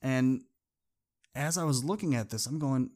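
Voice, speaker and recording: A man's voice: mid-range voice, a little slow, a little mellow. A man hosting a motivational podcast, telling a personal story in an earnest, conversational way and repeating phrases for emphasis. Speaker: podcast host.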